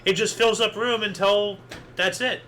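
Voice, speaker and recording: Bright, high-voiced man reading oddball news. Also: fairly even intonation, unhurried, slight background noise, low-quality recording. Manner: joking, rambling, reads headlines aloud. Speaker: host. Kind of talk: casual news recap chat.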